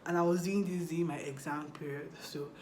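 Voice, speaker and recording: A young woman telling a storytime vlog while doing her makeup, chatty and animated, acting out what people said. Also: deep voice, a little fast, reverberant, a little hiss or hum. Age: young adult. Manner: chatty, animated retelling with acted quotes. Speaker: vlogger.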